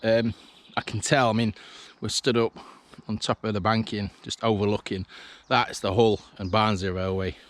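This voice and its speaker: Faint outdoor noise accompanies a man vlogging as he walks a former railway line. His lowish voice stays level at a moderate pace with hardly any pauses, as he chats casually and thinks aloud with restarts.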